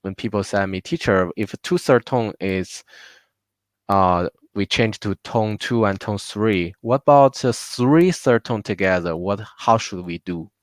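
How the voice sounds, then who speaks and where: In a voice on the low side and unhurried, a man with a Chinese accent teaches Mandarin pronunciation in a live online class from home. He patiently repeats words for his learners, and there's no room sound.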